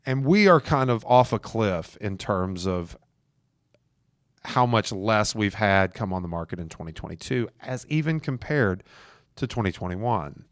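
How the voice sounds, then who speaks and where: A man's voice: lowish voice, lively intonation, measured pace, dry recording, clean studio sound. A man hosting a podcast, coaching real estate agents in a casual, emphatic way. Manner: emphatic, coaching listeners directly. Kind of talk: casual advice talk.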